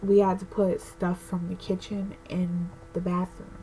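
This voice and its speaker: A woman's voice: on the low side, flat delivery, unhurried, mellow, slight background noise, low-quality recording. Pregnant young woman venting candidly. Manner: candid, emotional, rambling with many fillers. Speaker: vlogger. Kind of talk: casual personal rant to camera.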